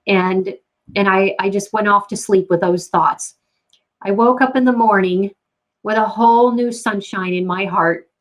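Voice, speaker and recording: A middle-aged woman giving a personal faith testimony, halting with frequent repeated words and restarts. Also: mid-range voice, poor audio.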